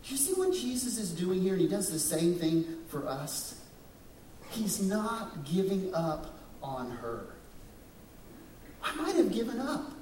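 Slow-speaking pastor in an echoey church. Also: male voice, sits high, sing-song, a little mellow, slight background noise. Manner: dramatic, shifts into voices for quoted figures, asks the congregation questions. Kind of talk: sermon. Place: church sanctuary. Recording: echoey room, distant mic.

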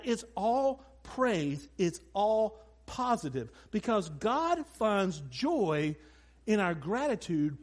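A middle-aged man preaches with a high, bright voice that leaps up and down freely. He tells stories and talks to his listeners directly, slipping into quick asides and acted-out quotes. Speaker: pastor. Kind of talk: sermon.

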